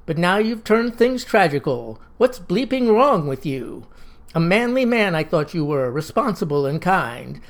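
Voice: medium pitch, big pitch swings, a little slow. A narrator voicing an earnest young woman of about nineteen, reciting in a sing-song way.

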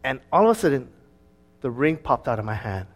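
A man preaching as a pastor, telling a personal story in a conversational, lively way. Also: mid-range voice, fairly quick. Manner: conversational storytelling, with fillers and restarts; lively, acting out his own past words.

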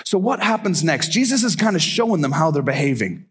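A man preaching a sermon, telling stories and acting out the people in them with lively swings of voice. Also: on the high side, brisk, slightly rough. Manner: animated storyteller who acts out the people in his stories. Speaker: pastor.

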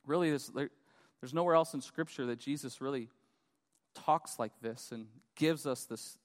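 Preaching man in a reverberant church hall. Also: medium pitch. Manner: animated preaching, swings between loud urgent and hushed. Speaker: pastor. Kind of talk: sermon. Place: church auditorium.

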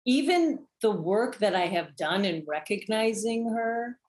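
A woman's voice: mid-range voice, expressive, a little slow, a little mellow. A woman guest in an interview, talking thoughtfully about her work as an actor. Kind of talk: conversational interview.

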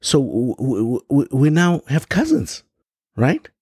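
A man's voice: mid-range voice, huge pitch swings, slow, darkish tone, breathy edge, no echo, studio quality. A man from Africa giving an impassioned monologue, firing off rhetorical questions and stumbling over frequent restarts. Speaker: podcast host.

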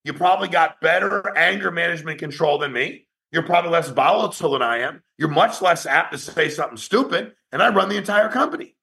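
A man who founded a company, giving a blunt, profane motivational talk to his sales agents in an online meeting, rapid-fire and challenging. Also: a little high, gravelly, bright, forceful tone.

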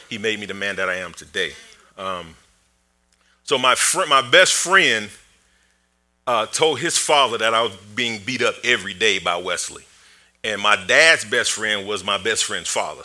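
A man preaching a sermon through a personal story, joking and self-deprecating, laughing often and acting the story out with energy. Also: lowish voice. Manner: animated storyteller.

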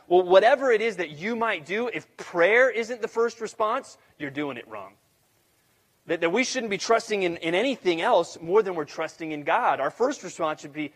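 A man's voice: sits high, lively intonation, moderate pace. A man, a pastor, preaching an earnest, conversational sermon and repeating his key questions. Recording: long hall reverb.

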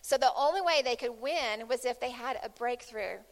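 A woman's voice: fairly high pitch, moderate pace. Woman preaching in a reverberant hall. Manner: emphatic, repeats phrases with rising intensity. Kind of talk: sermon.

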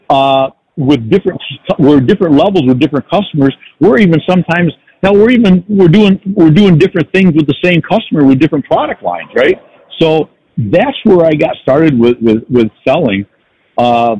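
Older man, husky reflective storyteller. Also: a little high, darkish tone, no echo, lo-fi sound. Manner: reflective storytelling with frequent restarts. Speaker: podcast guest, sales professional. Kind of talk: casual podcast conversation.

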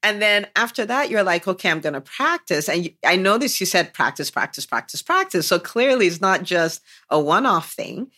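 A woman's voice: mid-range voice, lively intonation, normal speed, few pauses, pushed and bright. A woman hosting a business podcast, enthusiastically unpacking and praising her guest's story in an interview chat. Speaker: podcast host and business coach.

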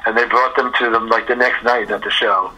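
Very bright, husky older man telling stories. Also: mid-range voice, a little fast, poor audio. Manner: animated anecdotes, acts out quoted dialogue, swears, laughs often. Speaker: guest musician. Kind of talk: storytelling interview chat. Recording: radio interview recording.

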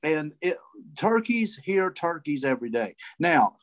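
A man, a guest telling a hunting story in a casual, animated way and acting out voices and calls. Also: on the high side, a little slow. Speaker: guest turkey hunter.

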